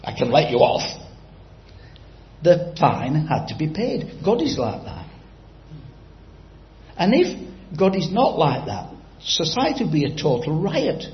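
A man's voice: a little high, wildly swooping pitch, unhurried, reverberant, muffled recording. A man preaching a sermon, telling a story and quizzing the congregation directly.

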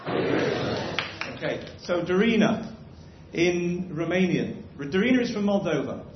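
Church leader, a man with a higher voice, encouraging, dull lo-fi recording with faint hiss. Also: expressive, normal speed, roomy sound. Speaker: church leader leading prayer and readers. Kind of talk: prayer, then hosting a church gathering.

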